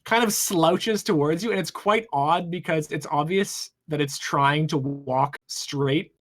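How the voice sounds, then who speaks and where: A game master narrating a tabletop superhero game, with a halting, rambling delivery full of restarts. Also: medium pitch.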